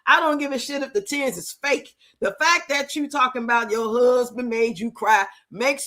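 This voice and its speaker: A young woman hosting a live stream, chatting loudly and profanely, teasing and laughing as she reads out viewers' comments. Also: fairly high pitch, moderate pace, few pauses. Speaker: livestream host. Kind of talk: casual live-stream chat reacting to a reality show.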